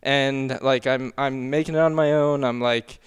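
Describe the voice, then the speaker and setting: A man telling a painful personal story on a podcast, halting and earnest, often apologizing. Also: mid-range voice, fairly even intonation, clean tone. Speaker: podcast regular.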